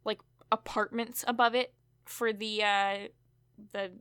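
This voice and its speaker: A woman's voice: medium pitch, level tone, a little slow, fairly bright tone, clean tone, dry recording. A woman co-hosting a podcast, recapping a TV episode in casual chat with chatty asides and fillers. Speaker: podcast co-host.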